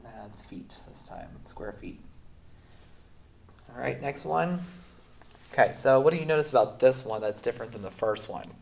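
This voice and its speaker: A man who is sick, teaching a recorded math lesson in a relaxed way with many fillers, going through the steps slowly. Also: mid-range voice, gravelly, slight background noise. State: sick, voice sounds off. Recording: roomy echo.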